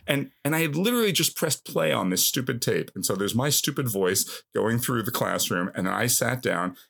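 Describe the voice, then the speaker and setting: A man in his fifties, a guest telling a funny story from his youth in a casual, animated, self-mocking way, filling his speech with "like" and "you know". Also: medium pitch, moderate pace, creaky, husky. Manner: animated, self-mocking, heavy use of filler words.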